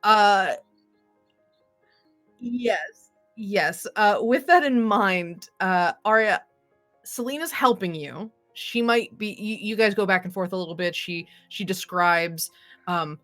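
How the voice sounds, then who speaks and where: A woman's voice: medium pitch, slow pace, fairly bright tone, faint music behind. A woman narrating a tabletop game as game master, rambling with many fillers and restarts.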